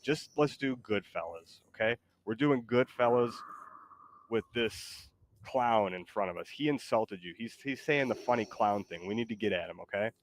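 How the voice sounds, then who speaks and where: A male streamer with a somewhat low voice chats casually, coaxing his co-host along. His talk rambles and restarts, and faint noise sits under it. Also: moderate pace.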